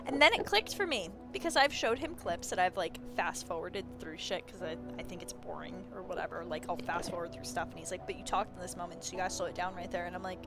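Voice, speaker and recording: A woman's voice: lowish voice, very animated, brisk, over music. A young woman streaming, chatting casually in a rambling way and swearing freely. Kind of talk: casual chat.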